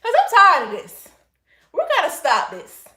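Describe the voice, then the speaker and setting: A woman's voice: extremely high pitch, huge pitch swings, moderate pace, bright, forceful tone. A woman hosting a casual livestream from her phone, reading comments and answering in a sassy manner, calling everyone honey. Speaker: livestream host.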